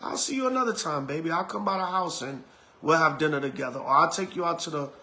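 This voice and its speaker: Guy doing a gentle auntie soothing a little kid, soft and coaxing, high bright voice. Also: quick pace. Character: gentle aunt soothing her small niece.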